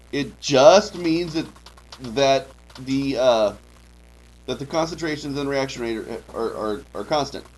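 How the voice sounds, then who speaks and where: A high school chemistry teacher lectures his class, drilling key terms, checking in with "okay" again and again, and tossing in dry jokes. His voice is a little high, and the low-quality recording carries slight background noise.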